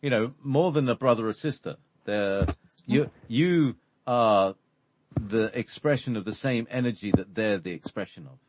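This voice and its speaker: A man explaining spiritual ideas in conversation, halting and full of fillers. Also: medium pitch, darkish tone, slight background noise. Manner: hesitant, halting, many fillers. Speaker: spiritual teacher.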